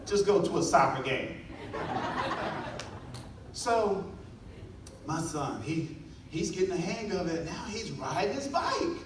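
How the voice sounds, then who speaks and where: Guy giving a motivational talk, high voice jumping all over, slow and deliberate, big echoey hall, mic a ways off. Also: recorded from a distance, a little hiss or hum. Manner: animated storytelling, acting out voices. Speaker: motivational speaker.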